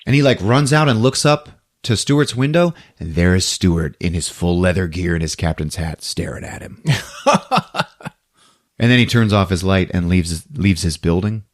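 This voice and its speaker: A man excitedly recaps a film for his podcast co-hosts, his voice swinging widely as he acts out each scene. He breaks into laughter again and again. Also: deep voice. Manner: laughs often, acts out movie lines in quick voices. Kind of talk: animated casual retelling.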